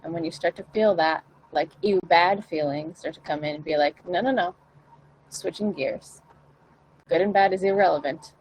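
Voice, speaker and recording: A woman's voice: on the low side, normal speed, darkish tone, slight background noise, rough recording. A woman vocal coach talking casually to camera, encouraging and acting out the questions singers should ask themselves. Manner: encouraging, acts out her own inner questions.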